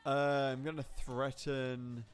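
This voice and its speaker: A man's voice: medium pitch, little pitch movement, slow, soft background music. A man playing a tabletop game online, hesitant and full of ums, often laughing at his own bad rolls. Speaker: player. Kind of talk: casual tabletop game chat.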